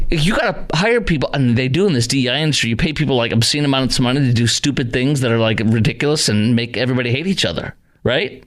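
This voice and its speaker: Middle-aged guy running a call-in radio show, sarcastic and fed up, regular pitch. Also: quick pace, few pauses. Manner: sarcastic, exasperated, scoffing. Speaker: radio talk show host. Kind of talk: call-in talk radio monologue.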